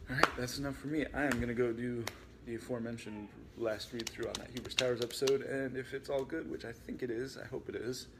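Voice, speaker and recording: A man reading aloud from his own book in a relaxed way, with chatty asides. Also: mid-range voice, fast talker, heavy background noise.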